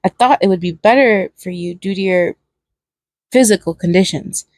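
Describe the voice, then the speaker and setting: A woman's voice: lowish voice, normal speed, a little mellow, no room sound, studio quality, close to an everyday voice. A woman voicing a frightened young partner in a fan fiction reading, stammering and pleading. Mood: anxious, pleading.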